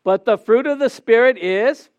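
A man's voice: very high voice, normal speed, dry recording, muffled recording. A middle-aged man preaching a sermon, questioning the congregation and acting out stories.

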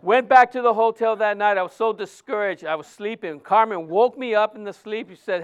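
A man preaching a sermon in a fairly high voice that stays smooth and resonant. He tells personal stories with animation and slips into other people's voices as he quotes them. He is a pastor of Mexican heritage. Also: fairly quick, hardly any pauses.

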